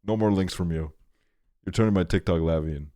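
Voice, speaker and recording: A man with a very low voice reacts to videos on a live stream, cursing casually and laughing in disbelief. The sound is close and dry, with no room around it. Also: fairly quick, mellow, no room sound. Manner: profane, laughing, incredulous reactions. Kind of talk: livestream reaction commentary.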